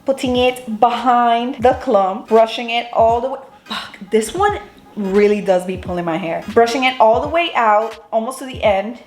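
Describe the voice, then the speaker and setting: A woman vlogger giving a casual hair-styling how-to, chatty, cursing offhand and talking to herself as she goes. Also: a little high. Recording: roomy echo with faint music.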